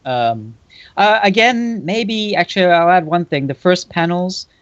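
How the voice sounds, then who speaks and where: A man's voice: high voice, lively intonation, measured pace, a bit bright, no echo. A man co-judging on a livestream, chatting casually and adding short, hesitant remarks. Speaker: co-judge on stream. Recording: dry, dull lo-fi audio.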